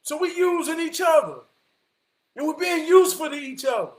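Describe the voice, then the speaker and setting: A man delivering an impassioned motivational monologue, preaching his point and often rising to a shout. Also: very high-pitched, lively intonation, moderate pace. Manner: preachy, repeats "I promise you", rises to shouting. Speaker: vlogger giving life advice.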